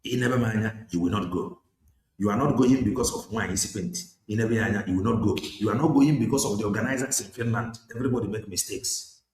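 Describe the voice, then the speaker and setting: Fiery Nigerian preacher in an echoey room. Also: male voice, lowish voice, fast talker. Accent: Nigerian (Igbo). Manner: forceful, exhorting, mixing English and Igbo. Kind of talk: impassioned political sermon. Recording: echoey room with faint noise.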